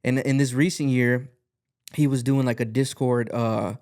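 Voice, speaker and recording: A man's voice: mid-range voice, fairly even intonation, normal speed, a little mellow. A man, a podcast guest and music artist, telling a rambling story in a casual chat, full of fillers and swearing, acting out the lines he quotes.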